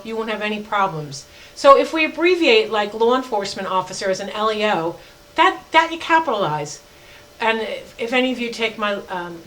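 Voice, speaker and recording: A woman's voice: on the high side, fairly bright tone, low-quality recording. A woman professor lecturing her class in an emphatic, teacherly way. She drags out her examples word by word and stops to fix her own slips, with an um here and there. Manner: emphatic, slows down to spell out examples; self-correcting, with fillers. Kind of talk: recorded lecture.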